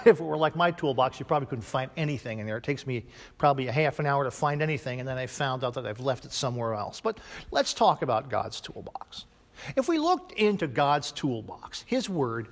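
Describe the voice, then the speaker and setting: A middle-aged male pastor preaching a sermon in an emphatic way, with dramatic pauses and big swings in loudness. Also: on the high side. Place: church sanctuary. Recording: long church reverb.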